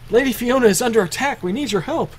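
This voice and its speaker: A man's voice: extremely high pitch, quick pace, slightly rough, voice pushed up. A man voicing panicked household servants who plead frantically for help. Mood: frantic.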